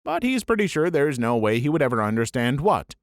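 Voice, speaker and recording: Lively young man reading a funny story. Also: medium pitch, fairly quick, no room sound, clean studio sound. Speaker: story channel narrator.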